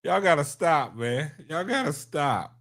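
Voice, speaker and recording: A man's voice: a little high, animated, measured pace, a bit bright. A man hosting a live stream, laughing hard and whooping between casual remarks to his chat. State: laughing to tears. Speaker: livestream host.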